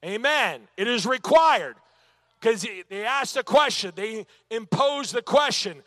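A man's voice: very high voice, animated, slow, pushed and bright, dry recording. A man teaching a church Bible lesson, emphatic and dotted with "amen" and rhetorical questions.

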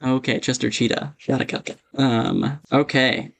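A man hosting a casual trivia game among friends, relaxed and quick to laugh. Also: mid-range voice, creaky. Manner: relaxed, laughing, apologetic asides. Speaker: quiz host.

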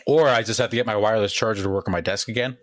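A man's voice: on the low side, racing. A man co-hosting a podcast in casual chat, laid-back with short replies. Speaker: podcast co-host.

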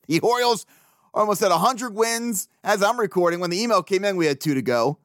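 A man rambles through his solo sports podcast, swearing freely and laughing as he goes. His voice sits a little high for a man and the sound is dry and close. He talks loosely and animatedly. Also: fast talker, dry recording. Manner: profane, animated, laughs often. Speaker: podcast host. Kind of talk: casual solo podcast talk.

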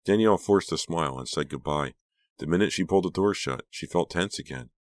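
A man narrating an audiobook in a measured storytelling manner. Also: low-pitched, dry recording. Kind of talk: scripted narration.

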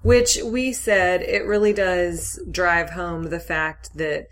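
A woman's voice: fairly low pitch, fairly even intonation, slow. A woman co-hosting a podcast, recapping in chatty, casual talk and laughing easily. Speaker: podcast co-host.

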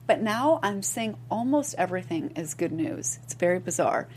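A woman with a fairly low voice co-hosts a podcast, reacting in an animated, exclamatory way. She stammers into her sentences, and a faint noise sits under the recording. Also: moderate pace. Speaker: podcast co-host. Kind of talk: casual political chat.

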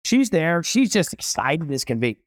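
A middle-aged man tells stories in an interview, swinging his pitch up and down with big expressive energy. He jumps into voices for the people in his anecdotes. The sound is close and dry, with no room around it. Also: moderate pace, dry recording. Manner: animated, acts out voices in stories. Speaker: chef and restaurateur guest. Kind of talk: storytelling interview.

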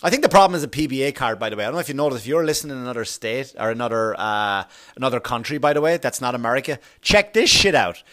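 A man's voice: medium pitch, lively intonation, very fast, few pauses, fairly bright tone. A man from Long Island, a comedian giving a blunt, profane monologue and acting out other people's voices. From Long Island, New York.

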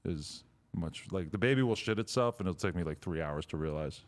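Casual: young guy hosting a podcast, deep low voice, swears a lot, blunt jokey questions, super laid-back. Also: expressive, a little fast. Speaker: podcast host and interviewer. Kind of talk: casual crude podcast banter.

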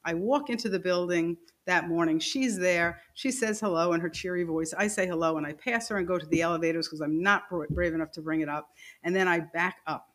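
A woman's voice: fairly low pitch, a little fast. A woman telling a personal story as a podcast guest. She laughs as she goes and acts out the lines of the people in it. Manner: animated, laughing storyteller who acts out quoted dialogue.

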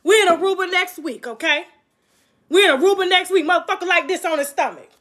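Woman going off on a livestream, real high bright voice, cussing and mocking. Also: fast. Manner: taunting, crude, mocking with laughter. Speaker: livestream host. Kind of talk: profane livestream rant.

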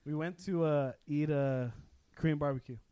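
A young man with a slightly high voice tells a story on a casual podcast. He speaks in a loose, animated way, laughs a lot, and swears freely. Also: moderate pace, smooth, no room sound. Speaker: podcast co-host. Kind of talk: casual chat, telling a story.

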